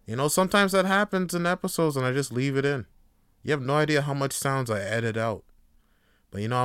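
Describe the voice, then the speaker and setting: Bright, clear-voiced man rambling casually. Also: medium pitch, no room sound. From Canada. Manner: profane, joking, rambling, with sudden loud hyped bursts. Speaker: podcast host.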